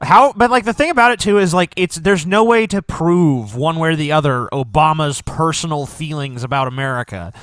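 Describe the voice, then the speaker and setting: Lively high-voiced joking male co-host. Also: fairly quick, hardly any pauses, no echo. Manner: joking and mocking, laughs often. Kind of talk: casual political chat.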